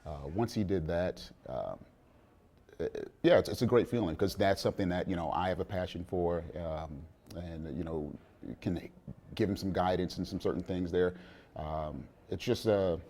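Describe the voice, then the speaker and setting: A middle-aged man, the father of a young player, talking in a relaxed sit-down interview with many fillers and restarts. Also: sits low, normal speed. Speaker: interview guest, father of a college quarterback.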